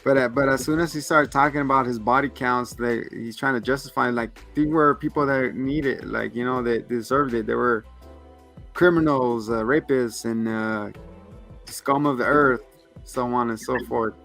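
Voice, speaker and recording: A man's voice: medium pitch, fairly even intonation, normal speed, creaky, a bit bright, soft background music. A man co-hosting a casual review podcast, rambling through a recap, laughing often and acting out lines. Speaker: podcast co-host.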